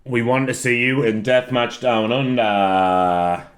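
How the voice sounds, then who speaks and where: Man, casual solo chat, rambling and giggly, prone to loud laughing fits and swearing. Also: mid-range voice, steady tone, slow. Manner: rambling, repeats words for comic effect. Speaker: wrestler answering fan questions.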